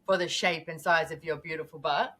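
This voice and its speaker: A woman talking as a podcast guest in a casual, animated way, acting out her own thoughts as she goes. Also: low-pitched, fairly quick. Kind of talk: casual conversational interview.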